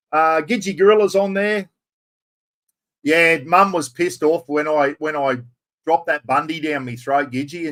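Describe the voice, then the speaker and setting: A man with an Australian accent chats loosely on a live stream. His voice sits a little high for a man. He rambles, laughs and greets people by name. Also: a bit bright. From Queensland, Australia. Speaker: livestream host. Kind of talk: casual live-stream chat.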